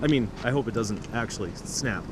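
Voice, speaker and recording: Excitable man vlogging outdoors at night. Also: mid-range voice, brisk, background noise. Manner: chatty, excitable, talks to the camera. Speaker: trash picking vlogger. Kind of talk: casual vlog narration. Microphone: small camera-mounted mic.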